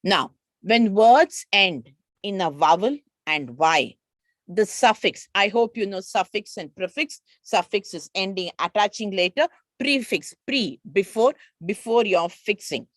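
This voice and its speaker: A woman's voice: medium pitch, expressive, measured pace, dry recording. A woman with an Indian English accent teaching an online grammar lesson, patiently explaining spelling rules and reading out word lists.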